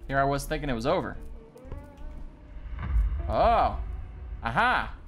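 A man playing a horror game on video, joking, swearing and reacting loudly to scares. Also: medium pitch, big pitch swings, slow, faint music behind. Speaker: gaming video host. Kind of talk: horror game let's play commentary. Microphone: desk mic with facecam.

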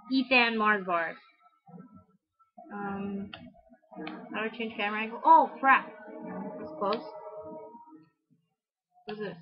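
A young woman livestreaming a game, chatting nervously, talking to her character and asking viewers which way to go. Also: fairly high pitch. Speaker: livestreaming gamer. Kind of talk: live game commentary. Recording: dull lo-fi stream audio.

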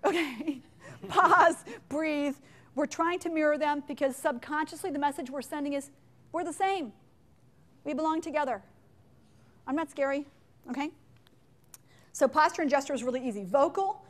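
A woman leading a live leadership and sales workshop in a meeting room, chatty and playful, with quick asides and acted-out examples. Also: sits high. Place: meeting room with window blinds.

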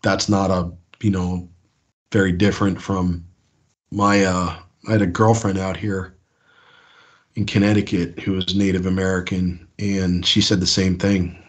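A man from the US East Coast with a husky voice rambles through his stories as a caller, full of fillers and restarts. His voice sits on the low side. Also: flat delivery, a little slow. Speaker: caller sharing encounters. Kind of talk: casual storytelling on a call-in show.

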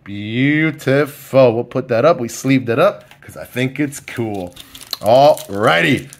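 A man giving casual, excited commentary as he opens trading card packs, calling out each card and talking to his viewers. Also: mid-range voice, takes it slowly, slight background noise. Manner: excited, talks to viewers by name, lots of fillers. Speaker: card collector opening packs.

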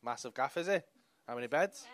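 A man's voice: medium pitch, animated, fairly quick, a bit bright. A young man with a Liverpool accent doing stand-up crowd work on a comedy club stage, teasing audience members with brash, sweary banter into a handheld mic.

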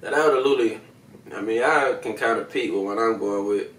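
A man's voice: on the low side, fairly quick, a bit bright, recorded from a distance. Profane rambling man in an echoey room. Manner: rambling, profane, talks straight to viewers. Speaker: video host reviewing smoking products. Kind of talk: casual slang-heavy vlog chat.

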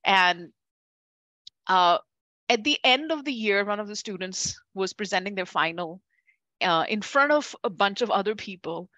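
A woman teaching a class, chatty and lively, calling on students by name and laughing easily. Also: mid-range voice, a little slow, no echo, muffled recording. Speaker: Ayurveda teacher. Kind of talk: classroom lecture with questions to students.

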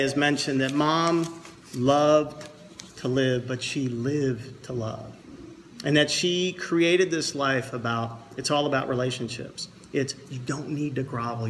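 At a memorial service with a pastor present, a son gives a eulogy for his mother, blending heartfelt reflection with jokes. His voice is medium-pitched and fairly bright, and there's slight background noise. He comes across as an earnest storyteller who likes a joke.

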